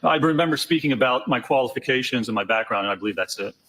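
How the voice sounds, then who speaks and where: A man testifying as an expert witness, giving measured, hedging answers. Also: medium pitch, expressive, a bit bright, low-quality recording. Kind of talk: courtroom testimony.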